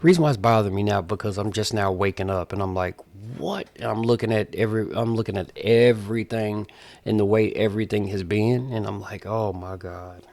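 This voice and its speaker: A man in his forties speaks straight to camera with a low, gravelly voice. He talks in an emphatic, repetitive way, preaching his point like street talk. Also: brisk, darkish tone, no echo. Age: 40s. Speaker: vlogger.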